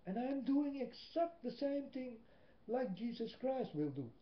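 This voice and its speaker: A man with a Dutch accent, a native Dutch speaker, gives a slow, emphatic religious monologue into a webcam, with long pauses between phrases. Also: extremely high pitch, very animated. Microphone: built-in webcam mic. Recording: echoey room, dull lo-fi webcam audio.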